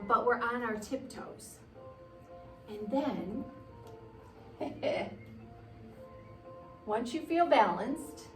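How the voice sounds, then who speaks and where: A woman guiding children through a yoga class, gently encouraging and playful, sometimes making animal noises. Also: fairly high pitch, recorded from a distance. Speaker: kids' yoga teacher. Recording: roomy sound from away from the mic with soft music.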